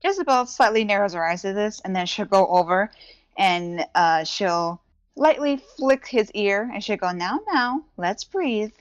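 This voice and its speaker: A woman's voice: mid-range voice, lively intonation, moderate pace, clean tone, no echo, highs cut off. A woman describing her character's actions in a casual tabletop role-play game. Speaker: player.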